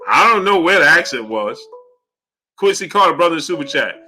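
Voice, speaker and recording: Loud, bright-voiced call-in show host. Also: male voice, on the high side, soft background music. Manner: animated, mocking, laughs loudly; pushy rapid-fire questioning. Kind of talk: call-in commentary.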